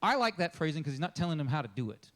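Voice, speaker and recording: A man's voice: a little high, sing-song, rapid-fire, a bit bright. A man preaching a casual, conversational sermon as a pastor, talking informally and acting out the people in the story he tells. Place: church.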